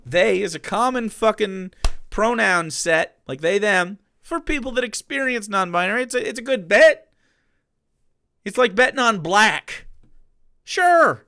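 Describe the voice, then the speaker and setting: High, bright-voiced man ranting on stream. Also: clean tone, no room sound, studio quality. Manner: exasperated, profane, laughing often. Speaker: streamer reacting to a video. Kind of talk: casual reaction commentary.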